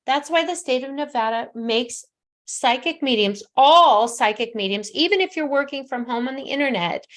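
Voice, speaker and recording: A woman in her sixties, a psychic medium hosting her show, giving emphatic, heartfelt advice that drops at times to a soft near-whisper. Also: high-pitched, moderate pace. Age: 60s. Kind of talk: casual call-in advice talk.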